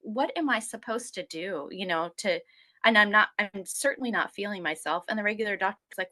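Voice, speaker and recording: A woman in her forties, medium-pitched and slightly quick, shares her health story in a casual interview. She rambles animatedly and voices the people she quotes.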